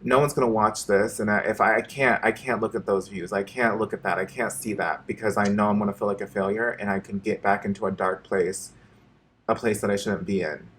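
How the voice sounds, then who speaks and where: A man vlogging an emotional personal confession to his viewers, halting and repeating himself and swearing often. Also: fairly low pitch, fairly even intonation, fairly bright tone, breathy edge.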